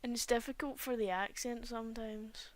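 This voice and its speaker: Rambling woman, fairly high voice. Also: steady tone, moderate pace, no echo. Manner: rambling, chatty, often trails off mid-sentence. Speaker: streamer. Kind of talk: casual chat while drawing. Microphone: cheap home microphone.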